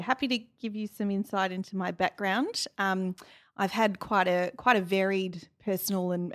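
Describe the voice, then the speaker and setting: A woman answering interview questions in an office, speaking with many pauses and restarts. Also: lowish voice. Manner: halting, many fillers and restarts. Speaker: guest, industry chief executive. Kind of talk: casual interview talk.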